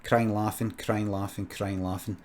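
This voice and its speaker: A Scottish comedian improvising a comic story with deadpan, sweary narration and quick muttered asides. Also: male voice, fairly low pitch, slight background noise. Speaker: comedian streamer.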